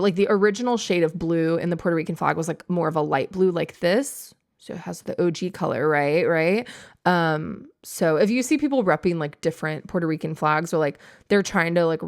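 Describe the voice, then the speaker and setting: A woman's voice: fairly low pitch, smooth. Bubbly young woman podcast host. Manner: bubbly, gushing, heavy use of "like". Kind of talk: casual chat.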